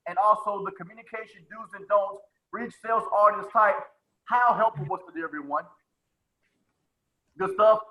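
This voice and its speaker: A man's voice: sits high, highs cut off. A man coaching a live webinar on sales presentations, who talks with energy, repeats his phrases and calls on attendees by name.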